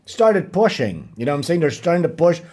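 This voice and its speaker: Young male streamer, high voice, profane and mocking. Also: sing-song, fairly quick, mellow. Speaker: livestream host. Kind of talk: casual livestream chat.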